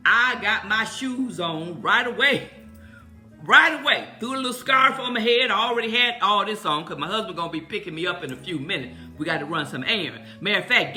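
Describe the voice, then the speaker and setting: A woman's voice: mid-range voice, expressive, fairly quick, pushed and bright, faint music behind. A woman in her fifties chatting live on Facebook from home into a phone, blunt, profane, emotional and rambling. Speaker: livestream host.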